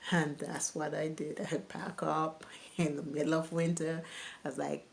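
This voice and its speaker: A woman's voice: low-pitched, level tone, moderate pace, vocal fry. A young woman vlogger telling her own life story candidly, laughing now and then while recalling hard memories. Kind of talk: personal storytelling.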